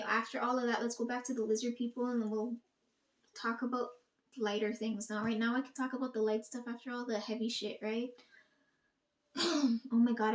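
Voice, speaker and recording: A woman's voice: on the high side, roomy sound. A young woman rambling to her audience in a casual monologue, swearing often and talking emphatically.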